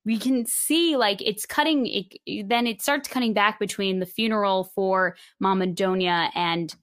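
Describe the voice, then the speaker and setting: A woman co-hosting a casual review podcast, her voice sitting in an ordinary middle pitch. She retells scenes with animation, slipping into the characters' lines. The sound is dry and close. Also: measured pace, no echo. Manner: animated retelling, acting out quotes. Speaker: podcast co-host. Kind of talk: casual recap chat.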